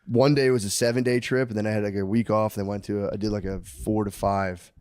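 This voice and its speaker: A man's voice: flat delivery, brisk, a little mellow, smooth, dry recording. A man in his thirties co-hosting a podcast, telling loose, rambling stories in casual chat with plenty of swearing. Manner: loose, rambling storytelling with swearing and squeaky voices for his kids. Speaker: podcast co-host.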